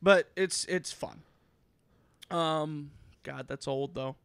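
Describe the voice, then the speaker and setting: A young man chats on a gaming podcast in a bright, crisp voice pitched a little high. He talks animatedly, swears freely and now and then slides into put-on voices. The room sound is dry and close. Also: slow pace, no room sound. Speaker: podcast co-host. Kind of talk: casual chat.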